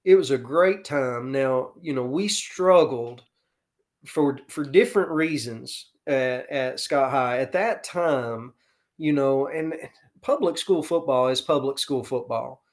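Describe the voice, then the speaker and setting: A man's voice: mid-range voice, slow. A middle-aged man, a football coach talking casually and earnestly in an interview, with many fillers. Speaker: podcast guest, football coach.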